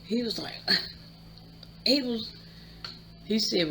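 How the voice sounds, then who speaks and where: A woman's voice: fairly high pitch, animated, a bit bright, slight background noise, low-quality recording. A woman hosting her channel, chattily retelling a movie plot with asides. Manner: chatty, drawn-out storytelling with asides. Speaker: YouTube channel host.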